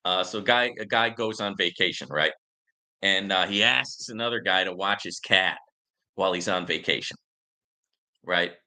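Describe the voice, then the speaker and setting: Bright-voiced, rambling male host. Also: sits low, normal speed. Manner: rambling, many fillers, addresses viewers as guys. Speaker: crypto investment show host. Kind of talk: casual live-stream commentary.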